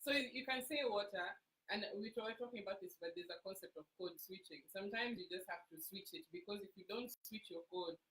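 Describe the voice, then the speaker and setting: Woman, mid-range voice, relaxed wry co-host. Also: mid-range voice, fast talker, hardly any pauses, echoey room, poor audio. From Kenya. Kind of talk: casual chat.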